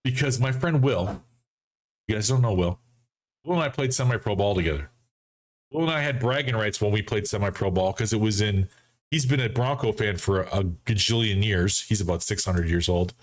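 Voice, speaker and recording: A man hosting a casual football fan show for a live audience, animated and mocking, acting out friends he quotes. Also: on the low side, brisk. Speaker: sports fan show host. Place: home studio setup.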